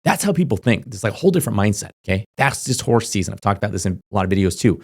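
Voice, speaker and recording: A young man speaking quickly and insistently, his voice sitting fairly low, giving casual straight-to-camera advice. He piles on fillers and keeps checking in with a quick "okay?" as he drives his points home. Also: very animated, slightly rough. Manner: rapid, filler-heavy, emphatic, repeats "okay?". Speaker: crypto YouTuber.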